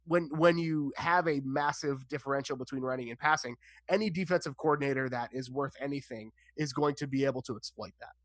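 A man's voice: medium pitch, a bit bright, dry recording. Male podcast guest: candid football analyst, filler-heavy, dry close sound. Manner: frank, analytical, many fillers. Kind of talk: casual sports chat.

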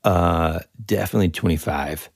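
Gravelly low-voiced man, rambling casual chat. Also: normal speed, no echo, clean studio sound. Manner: rambling, animated storytelling with frequent fillers. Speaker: podcast co-host.

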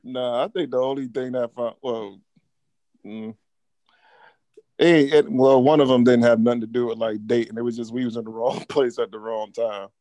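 A man's voice: mid-range voice, fairly even intonation, normal speed, warm tone, no room sound. A man co-hosting a podcast, chatting casually in a laid-back, slangy way. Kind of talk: casual chat.

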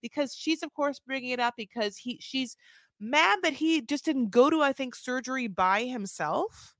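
A woman's voice: sits high, lively intonation, moderate pace, dry recording, studio quality. A woman co-hosting a reality TV recap podcast in casual chat, acting out quotes in funny voices. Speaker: podcast co-host.

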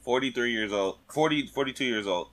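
A man's voice: mid-range voice, fairly quick, fairly bright tone, low-quality recording. A young man co-hosting a podcast, telling stories in a loose, profane way and laughing as he talks. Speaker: podcast co-host. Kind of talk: casual chat.

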